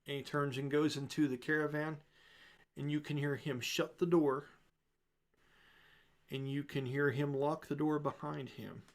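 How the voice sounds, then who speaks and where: A man's voice: fairly high pitch, measured pace. Laid-back male game master narrating. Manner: relaxed improvised narration with fillers.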